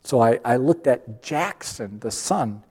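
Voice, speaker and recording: A man's voice: a little slow, husky. Older man preaching in a reverberant hall. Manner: storytelling, acts out dialogues with lively pitch jumps. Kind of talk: sermon with acted-out stories. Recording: long reverb of a large hall.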